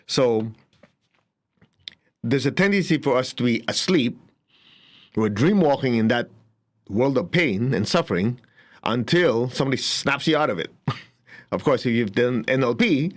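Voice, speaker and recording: Chuckling man giving a spiritual talk. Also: mid-range voice. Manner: animated storytelling, chuckles often, acts out quotes. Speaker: spiritual teacher.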